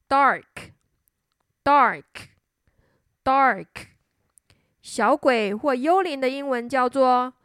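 A woman narrating a children's story in a slow sing-song manner. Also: sits high, a bit bright, dry recording, clean studio sound.

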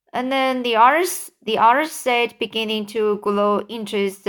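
A woman reading a children's book aloud as narrator, clear and unhurried. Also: a little high, a bit bright.

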